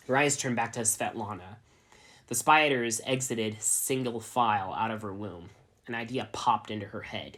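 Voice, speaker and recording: Deadpan man reading a story aloud. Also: mid-range voice. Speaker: narrator. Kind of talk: dramatic reading of fan fiction.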